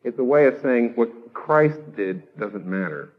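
A man's voice: expressive, a little slow, narrow, tinny audio. Emphatic male pastor preaching. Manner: emphatic, rising to loud exhortation then dropping low. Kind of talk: sermon.

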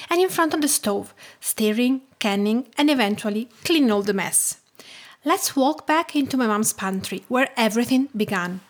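Italian accent woman hosting a podcast, slightly high voice, soft calm storytelling. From Tuscany, Italy. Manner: calm, measured storytelling, often soft and hushed. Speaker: podcast host. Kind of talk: scripted podcast narration.

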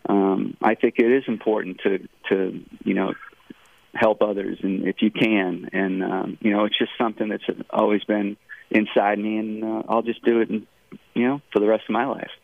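A golfer in his fifties from Rhode Island, with a Rhode Island accent softened by a Southern lilt, talks in a rambling, halting way with laughs. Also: lowish voice, little pitch movement, vocal fry, no room sound. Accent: Rhode Island mixed with Southern US. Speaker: pro golfer guest. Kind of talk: casual interview on a phone line. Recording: tinny phone line, dry.

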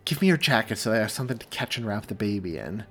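A man voicing a calm, steady police officer in an audiobook, speaking in a reassuring way. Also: lowish voice, racing.

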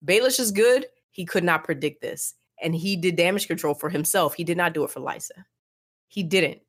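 An emphatic young woman co-hosting a casual podcast, her voice sitting a little low for a woman. She talks in an animated, slangy way and throws her opinions right out. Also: normal speed, slightly rough. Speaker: podcast co-host. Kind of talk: casual podcast chat, reading book passages aloud.

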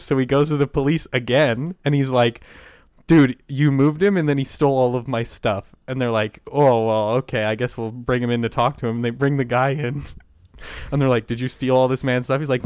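Brisk and mid-range, this man's voice has a darkish, clear, resonant tone and fairly even intonation. He co-hosts a podcast, telling a story casually while swearing freely and laughing a lot, in a dry, clean studio recording.

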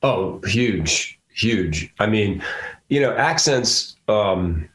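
A man's voice: on the low side, animated, very slow, reverberant. A man in his sixties from Philadelphia with a Philadelphia accent, an actor chatting as a guest in a casual interview, rambling with many restarts.

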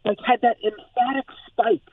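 A man reporting on football as a phone-in guest, talking in an animated, excited way with lots of "like". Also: extremely high pitch, normal speed. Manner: animated, filler-heavy, excited. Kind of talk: phone-in sports analysis. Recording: tinny phone line.

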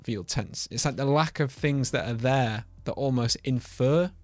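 A man talks in a relaxed, playful way, tossing out jokes and coined words as he chats about games. His voice sits at an ordinary middle pitch, with faint music playing behind him. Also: measured pace. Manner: jokey, playful, riffs on words. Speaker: podcast co-host. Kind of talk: casual gaming chat.

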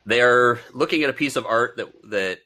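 A man's voice: medium pitch, normal speed, sharp tone. A man co-hosting a podcast, chatting casually and rambling about a bad movie, laughing often. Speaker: podcast co-host. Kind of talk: casual movie-review chat.

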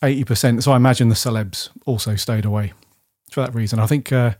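A man co-hosting a podcast, laid-back and quick to laugh. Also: medium pitch, steady tone, a little mellow. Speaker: podcast co-host. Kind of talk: casual chat.

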